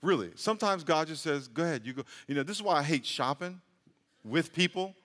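High, bright-voiced joking pastor. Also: male voice, expressive, fairly quick, long reverb tail. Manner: conversational, joking preaching with rising emphasis. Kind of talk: sermon. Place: large church hall.

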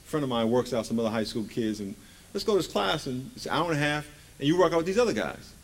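A man's voice: mid-range voice, sing-song, fast. A man in his forties preaching a conversational sermon in a church, joking and firing rhetorical questions at the congregation.

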